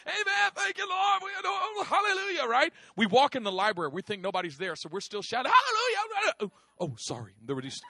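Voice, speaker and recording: A middle-aged man preaching, telling a story with lively acted-out voices and frequent laughter. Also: high-pitched, no room sound, studio quality. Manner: animated, acts out voices, laughs often. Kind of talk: sermon storytelling.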